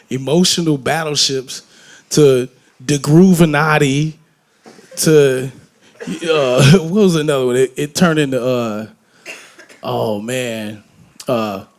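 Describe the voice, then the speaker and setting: A man from Detroit talking candidly on a festival stage, telling animated, profane, joking stories and acting out voices. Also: medium pitch. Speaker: guest musician on stage. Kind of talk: candid onstage conversation. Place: festival main stage before an audience.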